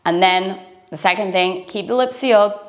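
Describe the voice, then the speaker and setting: A woman's voice: medium pitch, normal speed, fairly bright tone. A woman breathing coach giving an earnest, encouraging instructional talk to camera.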